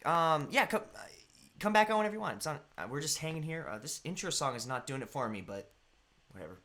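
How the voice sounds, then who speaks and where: A man's voice: a little high, very animated, fast, a bit bright. A young man hosting a live stream, chatting casually and greeting viewers by name in a rambling way. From United States.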